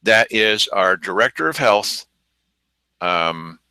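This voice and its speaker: A man's voice: lowish voice, expressive, takes it slowly, pushed and bright, clean tone, no echo, rough recording. A man hosting an opinionated news commentary, indignant and sarcastic, mocking the people he quotes. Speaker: news show host.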